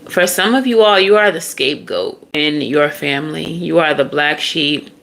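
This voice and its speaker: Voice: medium pitch, sing-song, moderate pace, vocal fry, fairly bright tone. A tarot reader giving a casual, blunt, profane reading straight to the listener.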